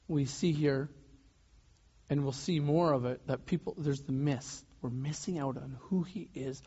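Male pastor, slightly high voice, relaxed conversational sermon delivery, dull lo-fi recording. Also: slightly rough. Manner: conversational, loose preaching with restarts and soft laughs. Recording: dull lo-fi sound.

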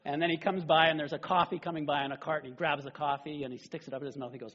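A middle-aged man preaching a sermon as a pastor, animated and conversational, often checking in with "right?". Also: on the high side, fast, few pauses, breathy edge, muffled recording.

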